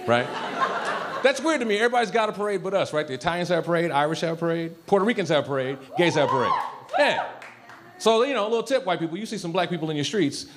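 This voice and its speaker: Male stand-up comic, live club set, lively swooping voice, audible crowd noise. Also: fairly high pitch. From Ohio. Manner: animated, punchy delivery with asides to the crowd. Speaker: stand-up comedian. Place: comedy club stage, audience laughing.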